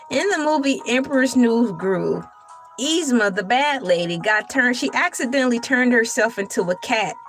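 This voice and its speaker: A woman's voice: fairly high pitch, fairly bright tone. A young adult woman hosting a casual livestream, chatty and laughing often as she talks to her chat. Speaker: livestream host.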